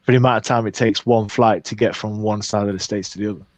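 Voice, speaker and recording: A man's voice: on the low side, fairly even intonation, fast, darkish tone. A man from the United Kingdom co-hosting a podcast in casual chat, blunt and teasing. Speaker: podcast co-host.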